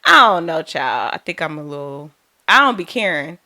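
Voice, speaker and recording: A woman's voice: sits low, sing-song, normal speed, bright, forceful tone. A woman, a nurse hosting a podcast, chatting candidly and casually in a slangy way. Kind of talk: casual chat.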